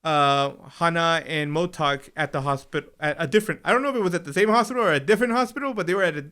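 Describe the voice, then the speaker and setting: A man co-hosting a casual show recap, retelling scenes in an animated way and acting out characters' lines. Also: on the high side, fast talker, smooth. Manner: animated, acts out scenes in quoted voices. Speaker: podcast co-host. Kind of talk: casual chat.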